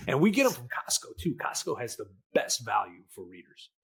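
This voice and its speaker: A man's voice: mid-range voice, huge pitch swings, a little fast, a bit bright, breathy edge. A middle-aged man with a Midwestern accent, co-hosting a casual podcast chat in a jokey, folksy storytelling way. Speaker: podcast co-host, lender.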